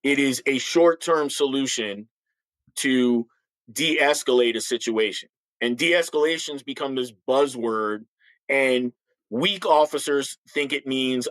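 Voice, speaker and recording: A middle-aged man and former police officer, a podcast guest, speaking bluntly and forcefully with frequent restarts. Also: mid-range voice, slow pace, dry recording, low-quality recording. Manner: acts out others' voices in stories. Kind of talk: podcast interview talk.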